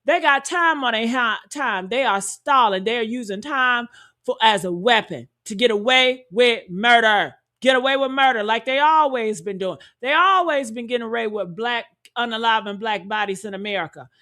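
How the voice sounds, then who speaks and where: A woman giving heated, profane reaction commentary, talking loudly and indignantly and calling out to her viewers. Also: on the high side, moderate pace. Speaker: commentary streamer.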